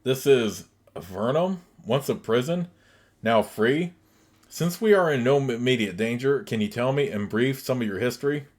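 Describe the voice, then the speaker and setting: A man's voice: mid-range voice, animated, normal speed, darkish tone, lightly acted. A man voicing a young, resolute woman wizard-warrior from a computer game, speaking in formal, old-fashioned phrasing. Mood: shaken.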